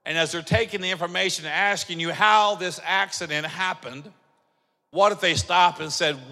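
A man preaching a sermon as pastor, telling stories and acting out dialogue, building up to shouting. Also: high-pitched, normal speed, vocal fry. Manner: animated storytelling, acts out dialogue, builds to shouting. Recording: long hall reverb.

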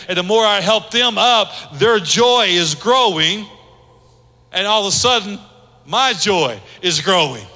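High bright-voiced preacher in a reverberant hall. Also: male voice. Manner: conversational preaching, acts out quoted speech. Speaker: pastor. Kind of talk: sermon.

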